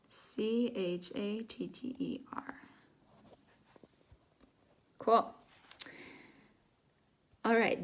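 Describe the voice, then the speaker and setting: A young woman teaching a live online English lesson, patiently explaining words and acting out the sounds they describe. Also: medium pitch. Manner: slow, patient, demonstrates sounds aloud.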